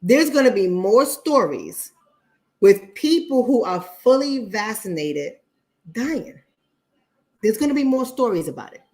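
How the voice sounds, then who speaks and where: A woman's voice: fairly high pitch, sing-song, unhurried, darkish tone. A blunt woman hosting a casual livestream, speaking straight to her audience. She swears freely and circles back to repeat her points for emphasis. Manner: blunt, profane, addresses viewers directly. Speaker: online talk show host.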